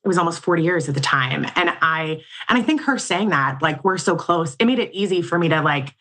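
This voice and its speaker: A woman's voice: low-pitched, animated, a little fast, fairly bright tone. A woman in her forties, a guest in a casual interview, talking in an earnest, reflective and slightly emotional way. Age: 40s.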